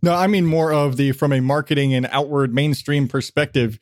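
A man talking casually as a podcast guest, explaining his points at length with relaxed fillers. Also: a little high, normal speed, no room sound, clean studio sound.

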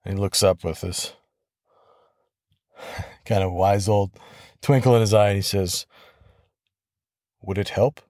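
A man hosting his own podcast, retelling a film story in a relaxed, conversational way with soft laughs and small restarts. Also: lowish voice, unhurried, long pauses, dry recording, clean studio sound. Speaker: podcast host. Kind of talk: casual solo podcast storytelling.

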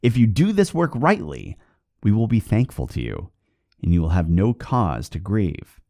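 A man's voice: fairly low pitch, wildly swooping pitch, normal speed, creaky, warm tone, dry recording, studio quality, heavily acted. A man doing a menacing little gray fairy man. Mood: threatening. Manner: issues orders and threats. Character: small gray male fairy leader, commanding and menacing.

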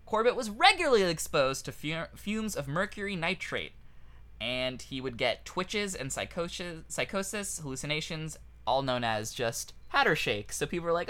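A man's voice: a little high, very animated, normal speed, a bit bright. A man co-hosting a comedy podcast, telling a history story in a casual, jokey way and laughing at his own asides. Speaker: podcast co-host.

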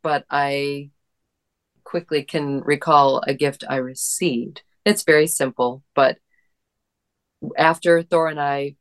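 A married woman in a casual conversation, sharing a personal memory in an earnest, gentle way. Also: sits low, steady tone, slow pace, pauses often. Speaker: guest in a conversation. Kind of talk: casual reflective chat.

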